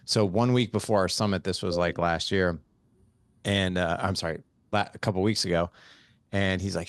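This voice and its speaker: A man with a very deep voice hosts a casual podcast conversation. He tells stories with a laugh, acting out what people said. The recording is dry and close. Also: brisk, dry recording. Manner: storytelling, laughs often, animated quotes. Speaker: podcast host.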